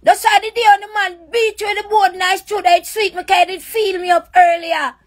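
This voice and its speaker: On her live stream, a Jamaican-accented woman rants emotionally, repeating her raw accusations. She talks fairly quickly in a very high-pitched voice with a steady tone.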